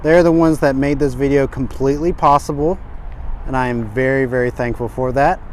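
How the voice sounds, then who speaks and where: A man giving an energetic, chatty walkaround car review outdoors at a dealership, talking straight to his viewers. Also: medium pitch, a little fast, a little hiss or hum.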